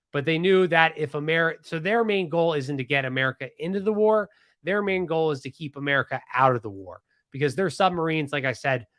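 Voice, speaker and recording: On his podcast, a host from Pennsylvania recounts a piece of history in a loose, lively way, full of asides and restarts. His voice is a touch high for a man. The audio is dry and close-miked, with no room sound.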